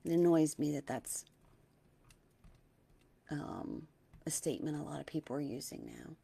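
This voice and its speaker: A middle-aged woman hosting a spiritual talk, gentle and dreamy, slowing on key words and sometimes dropping to a hush. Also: sits low, big pitch swings, creaky, breathy edge. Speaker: spiritual teacher and host. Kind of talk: soft-spoken spiritual talk.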